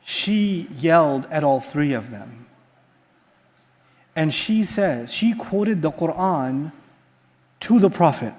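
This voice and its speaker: A man's voice: fairly high pitch, animated, slow, pauses often, a little mellow. A man giving a sermon-style lecture as an Islamic teacher, telling a story with animation and putting rhetorical questions to his audience.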